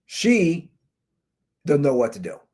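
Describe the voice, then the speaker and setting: A man hosting a podcast, giving animated, jokey commentary on viral videos through a computer's built-in microphone. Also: fairly high pitch, slow, breathy edge. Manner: animated, jokey, talks over clips. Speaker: podcast host. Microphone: computer's built-in mic.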